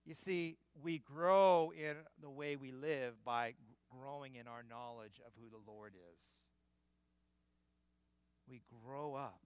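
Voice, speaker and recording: A man preaching a sermon in a church, emphatic and building to loud peaks. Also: mid-range voice, steady tone, takes it slowly, clear, resonant tone, no echo. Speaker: pastor.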